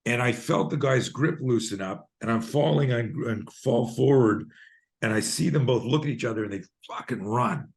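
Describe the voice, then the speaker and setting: A man in his sixties, a guest on a video call, telling a personal story in a lively way and swearing freely. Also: mid-range voice, normal speed, gravelly. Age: 60s. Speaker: guest, self-defense expert.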